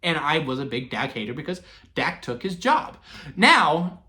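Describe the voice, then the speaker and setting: A man in his twenties telling wrestling memories in a casual, sentimental vlog, excitable and full of fillers and restarts. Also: fairly high pitch, unhurried. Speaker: wrestling vlogger. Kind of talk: casual rambling storytelling.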